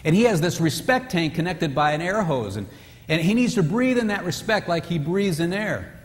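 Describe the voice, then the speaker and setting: A man with a high-pitched voice gives a playful seminar talk and brings his stories to life. His voice carries a long reverberant tail through a large hall. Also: normal speed. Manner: animated storytelling, acting out characters. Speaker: retreat speaker. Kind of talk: humorous marriage seminar talk.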